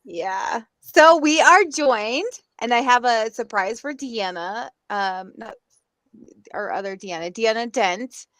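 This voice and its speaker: A woman's voice: a little high, animated, slow, fairly bright tone, no room sound. Lady podcast cohost, chatty, rambly, dry mic. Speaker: podcast co-host. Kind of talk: casual chat.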